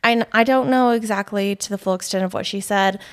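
Gravelly young woman gossiping on a podcast. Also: mid-range voice, a little fast. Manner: chatty, lots of fillers, gossipy. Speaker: podcast co-host. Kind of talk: casual chat.

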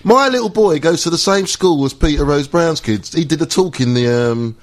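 A man's voice: a little high, lively intonation, moderate pace. A man from West Oxfordshire, co-hosting a casual football podcast chat and telling stories full of quoted voices. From West Oxfordshire, England. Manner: storytelling, mimics people in quotes. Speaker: podcast co-host.

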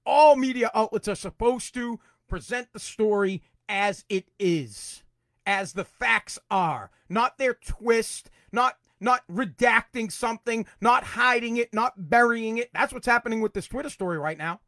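A man hosting his own podcast, ranting angrily about politics, swearing and repeating himself, at times breaking into shouts. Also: very high voice, unhurried, dry recording, studio quality. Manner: angry, profane, repetitive, shouts in bursts. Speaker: podcast host. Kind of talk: political rant.

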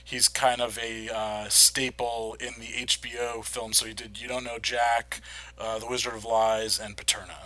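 A man co-hosting a podcast, chatting about films in an easygoing way. He pauses with small hesitations as he lists titles. His voice is mid-pitched and bright. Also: level tone. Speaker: podcast co-host. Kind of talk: casual film chat.

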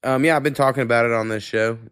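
A man's voice: mid-range voice, fairly even intonation, quick pace, a bit bright, clear, resonant tone, no room sound, studio quality. A man hosting a podcast, talking in casual chat, rambling and swearing freely while congested with a cold. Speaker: podcast host.

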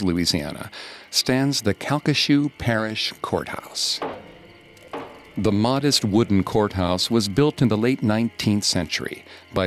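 A man, a podcast host, reading scripted horror narration in a slow, hushed, suspenseful way. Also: lowish voice, slight background noise. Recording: studio narration over faint music.

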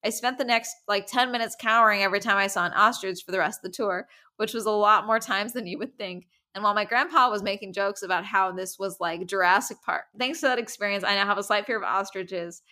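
Young woman host, bright ringing voice, rambling casual storyteller, cusses a lot. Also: mid-range voice, fast talker. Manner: rambling, swears freely, self-interrupting. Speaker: podcast host.

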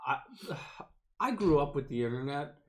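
A young man co-hosting a livestream talks in an easygoing, chatty way with a voice of ordinary, middling pitch. He reads viewers' donation messages aloud and thanks each person. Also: animated, moderate pace, a little hiss or hum. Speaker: podcast co-host. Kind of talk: casual livestream chat, reading super chats.

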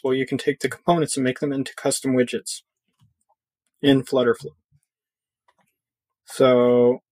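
A man walks through a software tutorial on a screen recording, casually thinking out loud and using fillers as he clicks around. His voice is medium-pitched, with no room sound.

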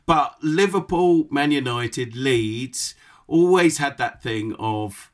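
A man in a mid-pitched voice, co-hosting a relaxed football chat. He muses and works through his ideas as he talks. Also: takes it slowly. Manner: musing, theorizing.

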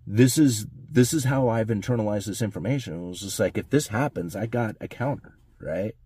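A man with a fairly low voice talks through his thoughts in a loose, rambling way. He keeps checking in with "right?" and "you know" as he goes. The sound is dry and close, with no room around it. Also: fairly quick, dark tone, husky, no room sound. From United States. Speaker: economics commentator. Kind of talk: casual monologue.

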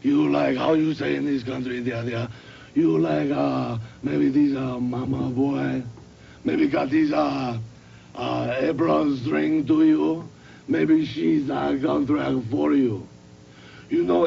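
A man's voice: mid-range voice, gravelly. A man cutting a televised wrestling promo in a put-on Russian accent, taunting his rival in broken English. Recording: dull lo-fi 1980s TV recording with faint noise.

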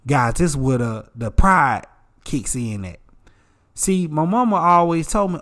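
Animated preachy man, slightly high voice. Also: a little slow. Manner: animated, preachy, addresses listeners as bro and y'all. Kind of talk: casual advice talk.

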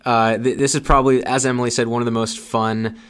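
A man's voice: mid-range voice, little pitch movement, brisk, fairly bright tone, clear, resonant tone. A man co-hosting a podcast, chatting casually and joking at his own expense. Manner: jokey, self-deprecating, loose. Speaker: podcast co-host.

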